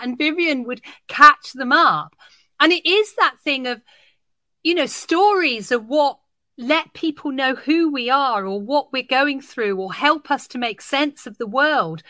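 Animated bright-voiced woman educator. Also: high-pitched, a little slow, no echo. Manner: animated, acts out dialogue while telling stories. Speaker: early years storytelling educator. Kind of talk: podcast conversation, telling an anecdote.

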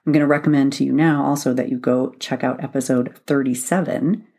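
A woman's voice: rumbling low, fairly even intonation, brisk, a little mellow. A woman hosting a solo leadership advice podcast, speaking in an instructive, methodical way and repeating points for emphasis. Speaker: podcast host, leadership coach.

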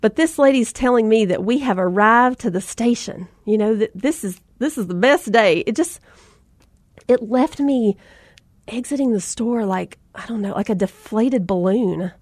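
A woman in her thirties hosts her own podcast, spinning a casual, self-deprecating story straight to her listeners. Her voice sits on the higher side and is captured dry and close, with no room sound around it. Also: normal speed, darkish tone, no room sound. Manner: chatty, self-deprecating, addresses listeners as mamas. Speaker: podcast host.

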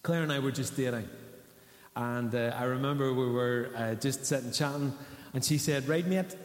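A man's voice: medium pitch, fairly even intonation, moderate pace. A man, preaching a sermon in a conversational way and asking the congregation questions. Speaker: pastor. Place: church hall. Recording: echoey church hall.

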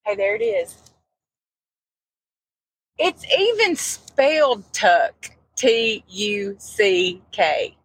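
A woman's voice: mid-range voice, expressive, very slow, pauses often, a bit bright, husky, dry recording, rough recording. A woman co-hosting a podcast, chatting casually and teasing her friend. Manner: teasing, giggly. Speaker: podcast co-host. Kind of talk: casual chat.

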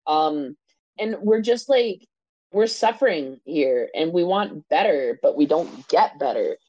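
A woman's voice: sits low, lively intonation, measured pace, a little mellow, no echo, dull audio. A woman co-hosting a podcast, talking passionately in casual discussion, swearing freely and often checking in with "right?". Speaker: podcast co-host.

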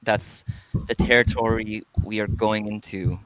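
A man's voice: on the low side, steady tone, unhurried, fairly bright tone, no echo. A man, a musician guest, chatting casually and playfully with lots of ums and restarts. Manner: laid-back, hesitant with many ums, playful. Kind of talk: casual podcast conversation.

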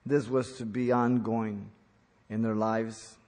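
A man's voice: lowish voice, level tone, slow, darkish tone, big-room sound. A man preaching an earnest sermon, speaking as a pastor who repeats key points for emphasis.

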